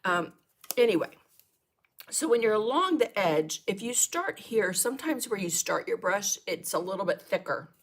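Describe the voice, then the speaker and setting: Chatty middle-aged woman with a gravelly voice. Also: mid-range voice, very animated, normal speed. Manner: chatty, greets viewers and coughs and laughs between steps. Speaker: painting teacher. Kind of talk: casual live painting lesson.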